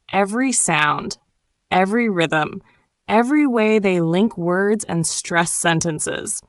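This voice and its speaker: A woman giving a scripted, encouraging English lesson in a calm, clearly enunciated way. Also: medium pitch, dry recording, studio quality. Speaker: English teacher. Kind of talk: scripted motivational narration.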